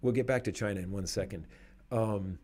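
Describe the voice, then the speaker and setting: A man hosting a podcast, speaking in an animated, emphatic way and laughing between points. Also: on the low side, brisk. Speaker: podcast host. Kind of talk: conversational commentary.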